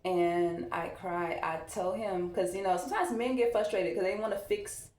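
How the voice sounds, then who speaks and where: A mom who vlogs talks candidly and reflectively while getting ready at home, in a loose, conversational get-ready-with-me chat. Her mid-range voice has a darkish tone and a moderate pace, and the room sounds echoey.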